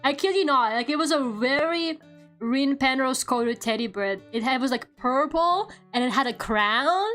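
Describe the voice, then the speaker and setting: A woman's voice: high-pitched, animated, normal speed, fairly bright tone, faint music behind. A woman streamer chatting casually while she draws, rambling, swearing often and laughing a lot, at a home desk microphone.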